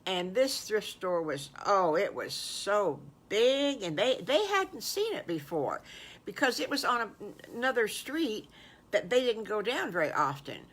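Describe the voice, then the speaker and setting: An older woman, a grandmother, telling an improvised children's story in a warm, folksy, exclaiming way. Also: medium pitch, very animated, unhurried.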